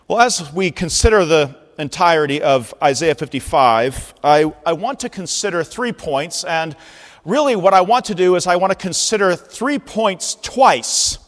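A male pastor preaching a sermon, animated and at times shouting out calls for attention. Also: high-pitched. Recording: long reverb of a large hall.

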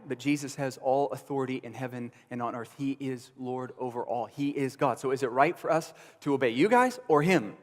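A pastor preaching an earnest sermon, rising to emphatic bursts and dropping to low, quiet conviction. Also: male voice, in a large hall.

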